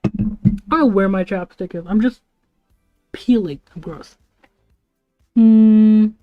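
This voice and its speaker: A young woman with a mid-range voice livestreams to her chat, slowly rambling through stories about school, laughing and dropping plenty of "like" and "bro." The sound is lo-fi, with faint music in the background.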